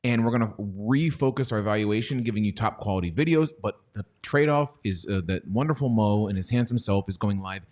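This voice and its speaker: A man co-hosting a stock market live stream, joking and teasing his co-hosts in an energetic, playful way. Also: fairly low pitch. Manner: playful and teasing, quick jokes.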